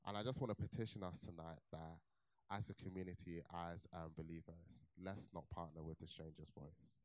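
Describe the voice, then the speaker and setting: Smooth low-voiced young man preaching. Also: moderate pace, no room sound. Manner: lively storytelling with laughs, turning earnest and quiet. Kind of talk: sermon with personal testimony.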